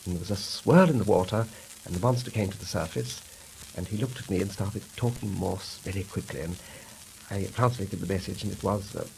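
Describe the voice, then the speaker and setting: A man from Britain telling a deadpan 1930s stage comedy monologue in a dry manner. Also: sits low, brisk, gravelly, slight background noise, rough recording. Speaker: comic monologist.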